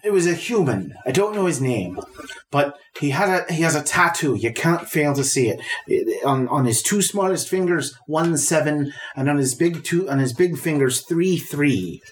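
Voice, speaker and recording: A man's voice: a little high, lively intonation, normal speed, close to an everyday voice. A man voicing a cowering male halfling thug tied to a chair, blurting nervously. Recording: noisy home recording.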